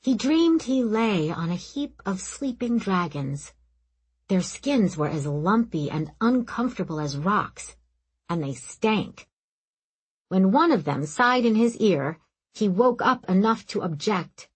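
A woman reading a fantasy novel aloud in calm, even scripted narration. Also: medium pitch, takes it slowly, breathy edge, low-quality recording. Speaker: audiobook narrator.

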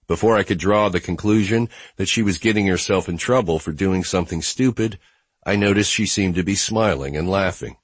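Male narrator for a first-person romance audiobook: very low, husky voice, wry and low-key, dry close recording. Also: fairly quick, no room sound.

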